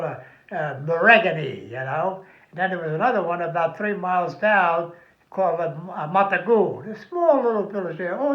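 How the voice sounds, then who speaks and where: An older man, a veteran, recounting his memories in a rambling, heavily profane oral history interview. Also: high voice. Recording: echoey, somewhat muffled room recording.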